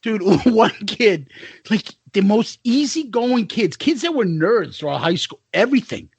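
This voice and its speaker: A man's voice: sits high, big pitch swings, unhurried, creaky, a little mellow, husky, no room sound. A middle-aged man co-hosting a podcast, telling profane school stories in casual chat and laughing through them. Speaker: podcast co-host.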